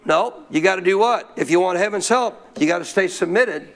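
High-voiced preacher telling a story. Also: male voice, fairly quick, vocal fry. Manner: animated storytelling, asks the crowd questions. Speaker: pastor. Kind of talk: sermon.

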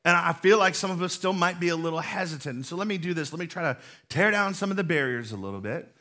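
Earnest bright-voiced male pastor preaching. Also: on the high side, expressive. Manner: earnest and conversational, explaining slowly with emphatic repetition. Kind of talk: sermon.

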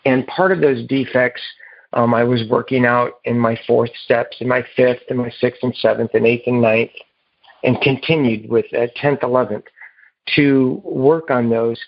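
A man telling his recovery story to a meeting in a halting, earnest way, heard over a phone. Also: mid-range voice, fairly even intonation, creaky, no room sound. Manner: halting and earnest, with repeated restarts. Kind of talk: personal recovery story told to a group. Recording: muffled phone line.

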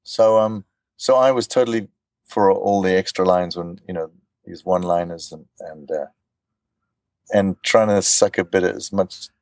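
A man being interviewed as a voice actor, telling animated stories and acting out quotes. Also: low-pitched, moderate pace, dry recording. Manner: animated storyteller, acts out quotes. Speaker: voice actor guest. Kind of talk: casual interview chat.

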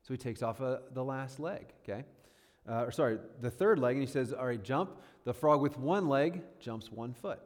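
A man's voice: medium pitch, expressive, normal speed. Male guest speaker, 30s, mid-range voice, casual and self-deprecating, long hall reverb. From northern New York State. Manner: chatty and self-deprecating, lots of fillers and checks. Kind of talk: casual sermon-style talk.

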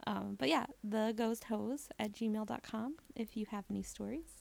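A woman co-hosting a podcast in casual chat, reacting to stories with quick comments. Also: mid-range voice, gravelly, a little mellow. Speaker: podcast co-host.

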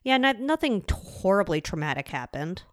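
A woman co-hosting a podcast in casual chat, delivering dry, deadpan jokes. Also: medium pitch, moderate pace, dry recording. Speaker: podcast co-host.

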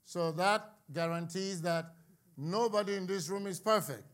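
A high-pitched man delivers a sermon to his congregation. He preaches with fervor, climbs to near-shouts on his key points, and breaks it up with playful jokes. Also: a little slow. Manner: impassioned, building to shouts, with joking asides.

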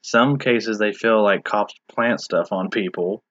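A man with a lowish voice talks in a loose, rambling way, restarting his sentences and leaning on filler words. The recording is dull and muffled, with a dry, close sound and no room echo. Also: measured pace, a bit bright. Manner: rambling, hesitant, many restarts. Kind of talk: casual discussion.

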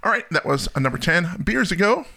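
A chatty man with a slightly high, gravelly voice talks through his picks in a relaxed podcast conversation. He laughs often and keeps an easygoing tone. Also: fairly quick. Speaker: podcast co-host. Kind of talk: casual chat.

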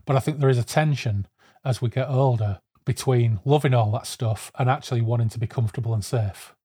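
A man's voice: mid-range voice, brisk, warm tone, slightly rough. A man talking over a book in a casual podcast, fluent and reflective with a wry edge. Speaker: podcast guest.

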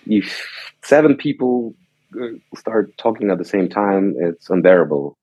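A man's voice: lowish voice, lively intonation, measured pace, dark tone, breathy edge, no room sound, poor audio. A man, a guest violinist, speaking thoughtfully and hesitantly in an interview. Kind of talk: conversational interview.

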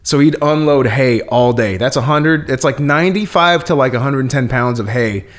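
A man's voice: medium pitch, normal speed. A young man in casual podcast chat, rambling, swearing a lot and laughing often.

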